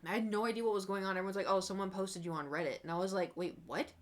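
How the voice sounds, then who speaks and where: Talking very fast in a medium-pitched voice, a young woman paints on stream and chats casually. She tells rambling stories with animation, re-enacting her past reactions through exclaimed self-quotes.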